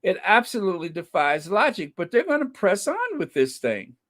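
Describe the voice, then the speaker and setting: This live podcast host has a high-sitting, slightly bright voice whose pitch swoops wildly, speaking at a moderate pace. He keeps up casual stream commentary, greeting viewers by name with thanks and cracking wry jokes through laughter.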